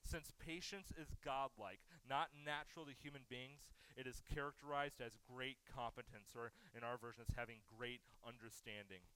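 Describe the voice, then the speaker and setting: A man's voice: mid-range voice, steady tone, moderate pace, few pauses, pushed and bright, smooth, dry recording, low-quality recording. A man preaching a sermon in a conversational way, often asking the congregation questions. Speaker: pastor.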